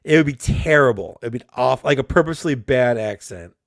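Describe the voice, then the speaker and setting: A man's voice: medium pitch, animated, fairly quick, gravelly, dry recording, clean studio sound. A man chatting as a guest, jokey and self-mocking, laughing often. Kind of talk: casual chat.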